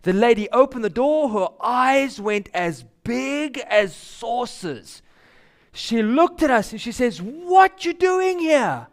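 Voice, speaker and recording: A man's voice: very high-pitched, takes it slowly. A man telling a story to a church congregation, acting out the characters as he goes. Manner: animated storytelling with voiced characters. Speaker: speaker giving a children's story. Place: church sanctuary.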